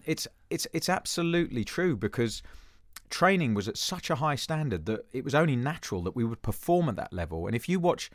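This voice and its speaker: A former footballer from Jersey, a man in his fifties, reflects thoughtfully in a conversational interview, restarting sentences and showing dry, self-deprecating humour. His voice is fairly low, with no room sound.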